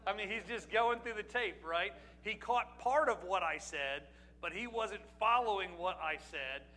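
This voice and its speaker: High, bright-voiced preaching man. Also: unhurried, rough recording. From Pennsylvania. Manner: conversational preaching with rhetorical questions and asides. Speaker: pastor. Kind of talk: sermon.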